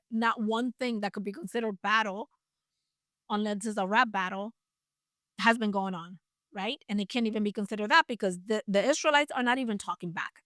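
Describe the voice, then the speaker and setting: A woman's voice: mid-range voice, fairly bright tone, dry recording, clean studio sound. A woman retelling a Bible story in a casual, chatty way, with playful asides. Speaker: Bible teacher.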